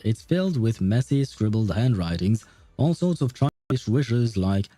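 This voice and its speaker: A man's voice: fairly low pitch, very animated, unhurried, mellow, dry recording, soft background music. A man streaming a game, reading its dialogue aloud and chatting with a laugh and many restarts, with a lozenge in his mouth.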